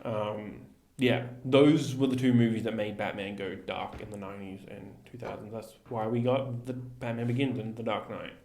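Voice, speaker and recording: A man's voice: fairly low pitch, fairly even intonation, a little mellow. Young Australian man in an echoey room. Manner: chatty, trivia-sharing, quick to agree. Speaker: podcast co-host. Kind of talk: casual chat.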